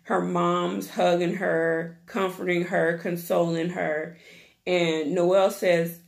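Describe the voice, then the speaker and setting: A woman's voice: fairly low pitch, flat delivery, slow pace, vocal fry. A woman hosting her own channel, recapping a reality show in a chatty, gossipy, slangy way. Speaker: YouTube TV recap host. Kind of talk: casual reality-TV recap chat.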